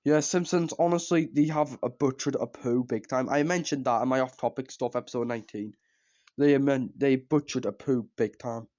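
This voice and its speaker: A man rambles through a casual review of a show he loves, circling back to the same points and letting sentences trail off. His voice sits at an ordinary middle pitch. The recording is slightly dull and lo-fi. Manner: rambling, repeats himself, trails off with "which, yeah".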